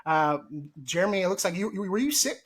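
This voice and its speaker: A man's voice: sits high, expressive, brisk, husky. A man hosting a casual gardening podcast, joking and mock-formal. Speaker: podcast host.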